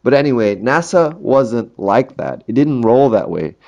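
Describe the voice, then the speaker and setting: A man's voice: mid-range voice, big pitch swings, measured pace, creaky, darkish tone, lo-fi sound. A man hosting a history podcast in a casual monologue, jokey and chatty, laughing at his own puns. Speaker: podcast host.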